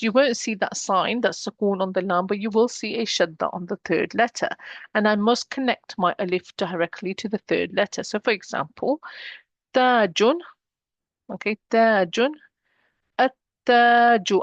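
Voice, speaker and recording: A woman leads a beginner Arabic lesson in a patient, explanatory manner. She slows down to sound out each example word. Her voice sits at a middle pitch, recorded close and dry with no room sound. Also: dry recording, muffled recording. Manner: patient, slows down to model pronunciation. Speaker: Arabic teacher.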